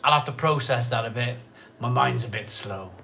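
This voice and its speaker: A man's voice: medium pitch, normal speed, creaky, a little hiss or hum. Rambling, tipsy man on a live stream. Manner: chatty, rambling, repeats himself, loud cheery greetings. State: tipsy from a pint or two. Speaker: host of a live craft beer stream. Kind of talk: casual live-stream chat.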